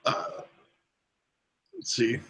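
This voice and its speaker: A man answering questions at a mock press conference, deadpan and halting with many fillers. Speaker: provost of a mock college.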